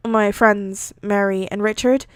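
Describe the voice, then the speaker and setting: Tired young dude talking soft, choked up a bit, girl reading it. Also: medium pitch, steady tone, unhurried, clean tone, no room sound, studio quality, close to an everyday voice. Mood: tender. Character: tired young man back with a baby.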